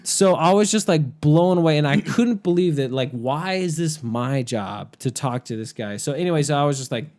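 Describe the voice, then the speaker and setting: A man with a slightly high voice tells a rowdy story in casual podcast chat. He is animated and laughs often, with fillers scattered all through. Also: normal speed, hardly any pauses.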